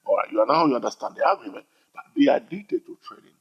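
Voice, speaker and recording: A man's voice: medium pitch, sing-song, quick pace, breathy edge. A man teaching about trading in an emphatic, repetitive style, often checking in with "all right?". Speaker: trading educator. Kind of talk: informal teaching monologue. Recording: dull lo-fi recording.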